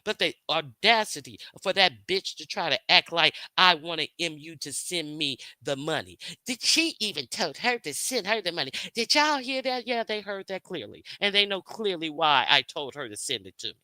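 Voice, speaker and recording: A woman's voice: lowish voice, sing-song, normal speed, hardly any pauses, pushed and bright, no echo. A woman hosting her own stream, talking straight to her viewers in a heated, profane rant, repeating herself and firing questions at her critics. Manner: confrontational, profane, repetitive. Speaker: livestream host.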